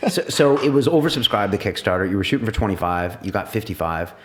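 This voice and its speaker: Male host: deep, quick, conversational questioning. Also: expressive, a little hiss or hum. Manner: conversational, probing. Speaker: interviewer host. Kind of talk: interview questions.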